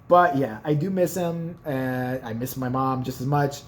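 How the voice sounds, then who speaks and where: Casually storytelling for his vlog, a man with a higher-pitched voice speaks at a moderate pace with few pauses. His tales about his family ramble, joke around and include profanity.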